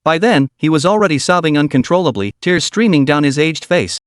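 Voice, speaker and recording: Male recap narrator, steady scripted storytelling, lively intonation, fairly high pitch. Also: fairly quick, clear, resonant tone, no echo, studio quality.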